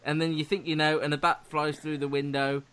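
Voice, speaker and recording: A man's voice: on the high side, little pitch movement, fairly quick, fairly bright tone, clear, resonant tone. A man hosting a casual chat, playful and teasing. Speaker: host.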